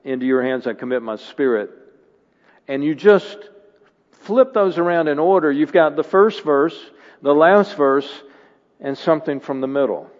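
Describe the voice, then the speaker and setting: A man's voice: fairly high pitch, animated, normal speed. A man preaching in a church sanctuary, earnest and building to emphatic bursts of conviction. His voice carries a long reverberant tail from the hall, and the recording is slightly dull and muffled. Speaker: guest preacher. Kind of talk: sermon.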